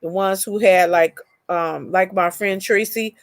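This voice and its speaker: A woman's voice: medium pitch, steady tone, a little slow, no echo. Chatty woman with a dry, close sound. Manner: rambling personal storytelling, greets chat viewers. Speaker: live chat host. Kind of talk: casual live chat.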